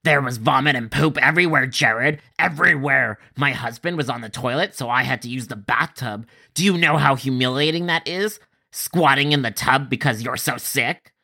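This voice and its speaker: A crude, outraged woman caller, as a man puts her on. She drags out her accusations slowly and keeps pressing. The voice is pitched in the middle. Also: creaky, bright, forceful tone, full character voice. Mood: indignant.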